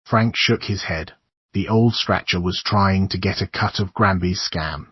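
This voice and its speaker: A man narrating a horror audiobook in measured storytelling. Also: deep voice, breathy edge, dry recording. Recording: dull lo-fi dry recording.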